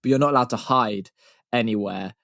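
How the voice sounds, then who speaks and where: A man co-hosting a podcast, joking and teasing in lively casual chat. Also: fairly low pitch, fairly quick, no echo, studio quality. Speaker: podcast co-host.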